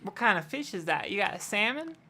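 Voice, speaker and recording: A woman's voice: mid-range voice, big pitch swings, fairly quick, pushed and bright, voice pushed up, heavily acted. A woman voicing a neurotic, fussy female tavern bartender. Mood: judgmental. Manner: snappish and fussy.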